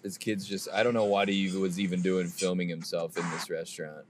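A man's voice: deep voice, flat delivery, a little hiss or hum. A man co-hosting a podcast, telling stories playfully in casual comedic chat. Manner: playful, storytelling, quick to laugh. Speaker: podcast co-host.

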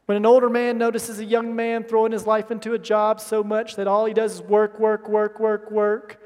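A male pastor preaching a sermon with passion, swinging from loud emphatic bursts to hushed asides. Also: high voice, monotone, moderate pace, few pauses. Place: church sanctuary. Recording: long hall reverb in a church sanctuary.

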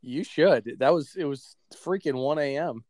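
A man's voice: on the high side, a little slow, darkish tone, no room sound, clean studio sound. A man co-hosting a podcast in casual chat, teasing and joking with his friends. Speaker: podcast co-host.

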